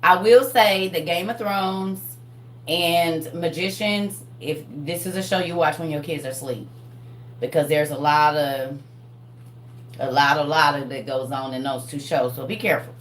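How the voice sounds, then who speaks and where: A woman hosts a live online class in casual chat, animated, laughing and talking straight to her viewers. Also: low-pitched, a little slow, roomy sound, slight background noise. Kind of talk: casual livestream teaching chat.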